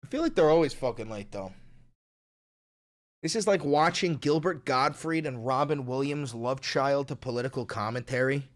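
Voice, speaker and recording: A man's voice: medium pitch, lively intonation, normal speed. A man hosting a casual livestream, reading viewer comments and joking and swearing between bits of silly voices. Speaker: livestream host.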